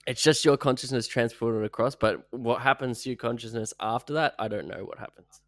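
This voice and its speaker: A man's voice: medium pitch, brisk, a bit bright, no echo, clean studio sound. A man co-hosting a casual podcast, asking questions, hesitant and often laughing. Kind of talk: casual chat.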